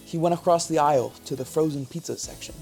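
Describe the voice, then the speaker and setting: A man's voice: a little high, fast, vocal fry, a little mellow, soft background music. A man hosting a live stream, chatting casually with chat and a co-player, joking and swearing freely. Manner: joking, profane, riffs with chat. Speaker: streamer host playing a word game.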